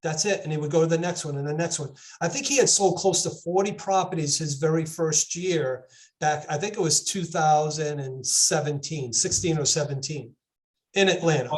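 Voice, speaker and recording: Brief: male realtor, slightly high voice, rambling anecdote on a video call. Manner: storytelling, halting with many restarts. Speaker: real estate agent. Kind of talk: casual group video-call discussion.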